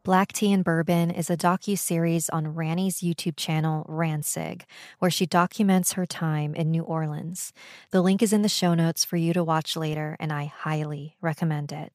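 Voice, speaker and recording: A woman hosting a podcast, reading a short scripted note in a measured, informative way. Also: low voice, steady tone, no echo, clean studio sound. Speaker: podcast host. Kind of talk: scripted narration.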